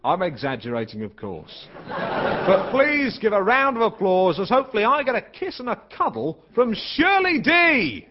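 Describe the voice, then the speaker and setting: Alan Partridge, awkward chat host. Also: male voice, high voice, wildly swooping pitch, normal speed, highs cut off, heavy background noise. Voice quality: awkward, fumbling, clumsy jokes. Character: awkward, smug male chat show host, middle-aged. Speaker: talk show host. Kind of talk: studio comedy chat show parody.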